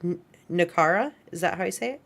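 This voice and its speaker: A woman's voice: lowish voice, lively intonation, brisk, a bit bright. A woman teaching an online animation class, walking students through files on her screen in a chatty, informal way. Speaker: animation instructor.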